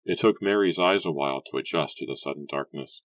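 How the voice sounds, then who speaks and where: A man reads an audiobook in an even, steady storytelling manner. His voice is very deep, and the recording is close and dry with no room sound. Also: fairly quick, no echo. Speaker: audiobook narrator. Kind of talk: scripted narration.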